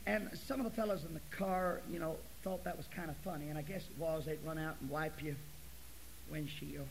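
A male preacher giving a folksy sermon, dropping to near-whispers and then rising to loud, forceful preaching. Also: on the high side, fairly even intonation, a little fast, gravelly, a little hiss or hum, low-quality recording. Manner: folksy storytelling.

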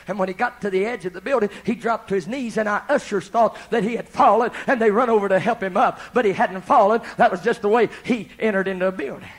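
A male pastor telling a story in a sermon, folksy and animated, moving from hushed asides to shouting. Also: sits high, fast talker, hardly any pauses.

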